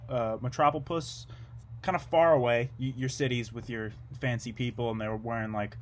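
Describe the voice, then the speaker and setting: A young man delivering a rambling, absurd comedic monologue in a low-key, deadpan way, drifting from one tangent to the next. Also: moderate pace.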